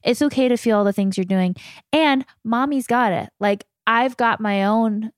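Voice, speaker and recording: A woman's voice: on the high side, moderate pace, clear, resonant tone, dry recording, studio quality. A woman hosting a podcast interview, talking in an earnest, emphatic way. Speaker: podcast host. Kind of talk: conversational interview.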